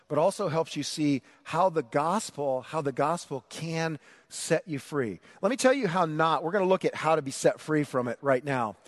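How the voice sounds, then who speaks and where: A middle-aged man preaching a sermon, telling a story about himself in an animated, self-mocking way and acting out the shouting. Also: on the high side, normal speed. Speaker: pastor.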